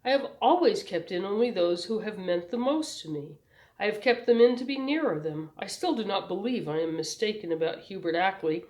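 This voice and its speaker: A woman's voice: medium pitch, expressive, a little mellow, lightly acted. A woman voicing an old, indignant schoolteacher. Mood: earnest. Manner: indignant, earnest, deliberate. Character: elderly woman history teacher, principled, hurt. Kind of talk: audiobook character reading.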